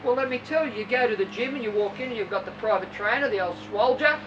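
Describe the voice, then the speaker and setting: A woman's voice: fairly high pitch, quick pace, lo-fi sound. Blunt woman swim coach, distant. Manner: blunt, rhetorical questions, acts out swimmers' voices. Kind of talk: coaching talk to a squad. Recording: distant mic with vehicle noise behind.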